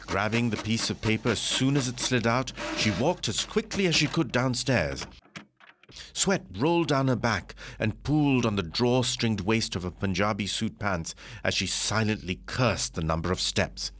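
A man narrating a story in a measured, expressive reading. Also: on the low side, slight background noise.

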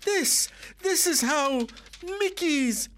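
A man voicing a shrill, excitable middle-aged Hindu housewife who shrieks in frantic outrage. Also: takes it slowly, slight background noise, exaggerated voice. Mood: outraged.

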